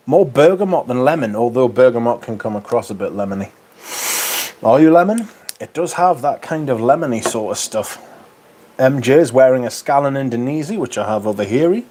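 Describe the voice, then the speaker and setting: A man's voice: medium pitch, darkish tone, a little hiss or hum. A man with a Northern English accent hosting a livestream, chatting casually and reading out viewer comments with dry banter. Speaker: livestream host.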